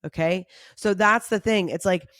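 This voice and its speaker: A woman giving a channeled energy reading straight to the viewer, animated and encouraging, acting out her own inner questions, with mild casual swearing. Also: mid-range voice, normal speed, no room sound, studio quality. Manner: animated, pep-talk delivery. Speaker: intuitive reader.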